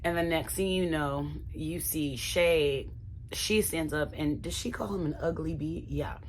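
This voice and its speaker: A woman's voice: low-pitched, unhurried, a little hiss or hum. A woman giving a casual, chatty recap of a reality show, talking straight to her viewers. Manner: chatty, addresses viewers as y'all.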